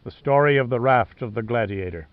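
A man voicing a dying old sea captain, gruff and stubborn, with a rasping, blunt, muttering delivery. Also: mid-range voice, brisk, dry recording, narrow, tinny audio, natural voice.

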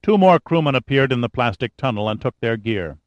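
A man reading a thriller audiobook in a steady, measured narration. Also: medium pitch, no echo, muffled recording. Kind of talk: scripted narration.

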